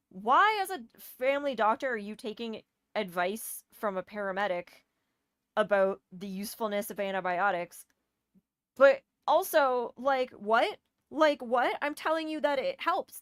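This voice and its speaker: A woman rants through a personal story with exasperated, emphatic delivery and plenty of swearing. Her voice sits a little high, and the sound is dry and close, with no room echo. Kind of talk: casual storytime rant.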